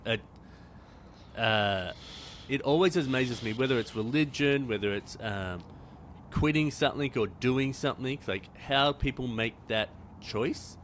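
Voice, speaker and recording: A man's voice: medium pitch, measured pace, fairly bright tone, a little hiss or hum. A man hosting a podcast interview, chatty and casual, full of fillers and the odd swear. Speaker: podcast host.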